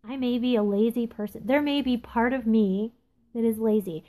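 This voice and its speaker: Candid woman talking it through, slightly high. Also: warm tone. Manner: candid, confessional, halting with many ums. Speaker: podcast host. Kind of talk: casual reflective monologue. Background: phone texting interruptions.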